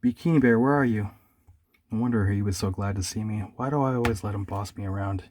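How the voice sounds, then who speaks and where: A man voicing a weary, put-upon comic character, speaking flatly and with exasperation. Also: lowish voice, fast talker, natural voice. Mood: exasperated.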